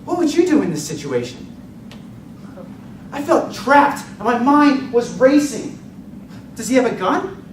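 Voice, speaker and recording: A man giving a dramatic storytelling speech at a contest, telling it with vivid, expressive delivery. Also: extremely high pitch, a little slow, pauses often. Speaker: contest speaker. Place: contest hall stage. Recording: echoey hall, distant mic, noisy.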